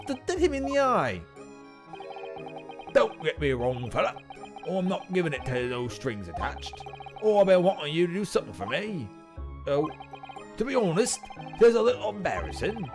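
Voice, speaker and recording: A man's voice: on the high side, big pitch swings, normal speed. A man voicing a boastful defendant in a game, with a put-on Irish-style brogue and a chummy, grandiose manner. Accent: put-on Irish-style brogue, admittedly bad. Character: boastful man in the dock, showering strangers with money. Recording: game music behind.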